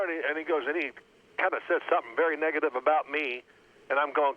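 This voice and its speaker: A man in his sixties, a former quarterback, telling lively football anecdotes and acting out his old coach's yelling. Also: a little high, quick pace, dry recording. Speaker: former NFL quarterback guest. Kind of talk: storytelling phone interview. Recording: tinny phone line.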